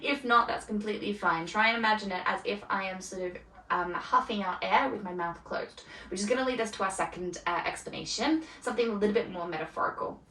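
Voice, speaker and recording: A woman teaching a beginner yoga class, cueing breath and movement in a calm, soft-spoken way with gentle pauses. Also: mid-range voice, a little hiss or hum. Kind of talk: guided yoga class instruction. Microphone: camera mic from a distance. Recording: roomy echo, voice from a distance, faint ambience.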